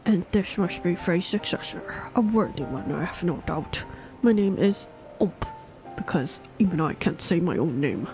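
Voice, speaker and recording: A grave old knight, solemn and weighed down with regret, as a woman puts on his voice and pulls her pitch down low for a game reading. He tells his tale slowly and heavily. Soft music plays faintly behind him. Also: lively intonation, close to an everyday voice, rough recording.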